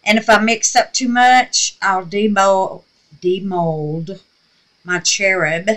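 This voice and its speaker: A woman's voice: mid-range voice, fairly even intonation, takes it slowly, a bit bright. A woman with a slightly scratchy voice, chatting casually and gushing as she walks viewers through a craft project. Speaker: resin craft vlogger. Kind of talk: casual crafting tutorial chat.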